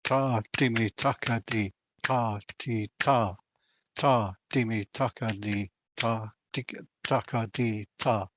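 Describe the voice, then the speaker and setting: A man's voice: medium pitch, steady tone, takes it slowly, a bit bright, a little hiss or hum. A man joining a workshop call, hesitantly and apologetically chanting rhythm syllables. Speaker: workshop participant.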